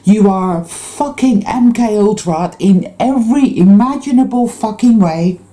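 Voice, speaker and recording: A woman's voice: mid-range voice, a little slow, mellow. A woman giving an intense, rambling spiritual monologue to her viewers, full of swearing. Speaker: spiritual vlogger.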